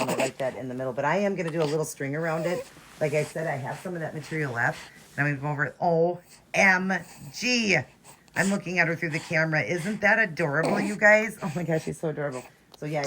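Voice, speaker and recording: A woman with a bass voice talks to her viewers while grooming and dressing a reborn doll, gushing and chatty throughout. It's casual show-and-tell narration on a rough recording with slight background noise.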